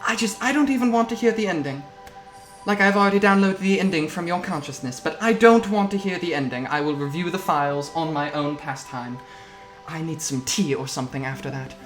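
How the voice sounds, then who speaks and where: A man's voice: fairly high pitch, a little fast, close to an everyday voice. A man playing a prim, fussy AI mother figure. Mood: disdainful. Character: fussy motherly female AI overseer. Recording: roomy echo. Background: faint music.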